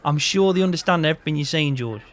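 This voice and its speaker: A man's voice: a little high, animated, fast talker. A man playing a farm hand in a game role-play, chatting to himself and laughing often.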